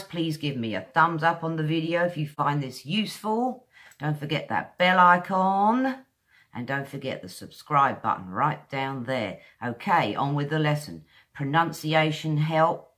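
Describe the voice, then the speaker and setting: A woman from England with a modern English accent, teaching pronunciation in a chatty video lesson and slowly repeating sounds to demonstrate them. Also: low voice, lively intonation, fairly bright tone. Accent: modern southern English.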